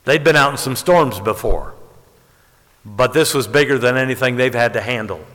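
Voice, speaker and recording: A man preaching a sermon, telling stories and rising to emphatic high peaks. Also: moderate pace, a bit bright. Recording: long hall reverb.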